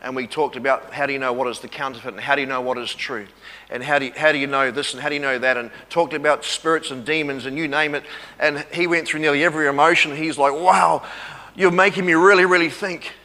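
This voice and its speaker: Earnest pastor in an echoey church hall. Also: male voice, mid-range voice, fairly even intonation, fast, bright, forceful tone. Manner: earnest, repeats phrases, calls for amens. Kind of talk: sermon with testimony.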